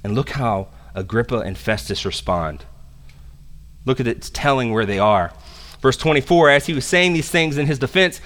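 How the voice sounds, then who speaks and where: A man preaching a sermon as pastor, animated and conversational, slipping into casual slang. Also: on the high side, quick pace. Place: church sanctuary. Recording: long reverb of a church hall.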